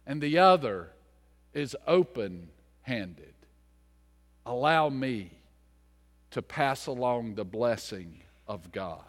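Brief: unhurried lively preacher in his fifties, folksy storyteller, long hall reverb. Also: mid-range voice. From US mountains, later Charlotte. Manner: folksy, animated, swings from loud to hushed. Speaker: pastor. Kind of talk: sermon storytelling.

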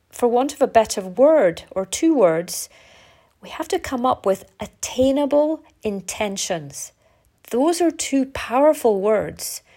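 Chatty middle-aged woman with a stuffy nose. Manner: chatty and candid, with lively upward pitch jumps. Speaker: podcast host. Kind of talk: casual reflective monologue.

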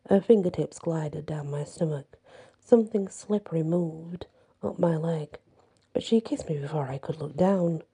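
A woman narrating a first-person horror story in a plain, measured storytelling manner. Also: low voice, mellow, husky.

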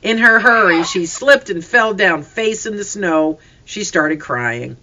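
An audiobook narrator reading a first-person story in an expressive, scripted way. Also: mid-range voice, slow pace, background noise.

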